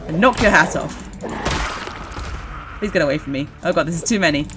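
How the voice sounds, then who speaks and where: A woman's voice: low voice, brisk, noisy background. A woman streamer giving casual, giggly commentary while playing a game, chatting to the enemies on screen. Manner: giggly, chatty, talks to zombies.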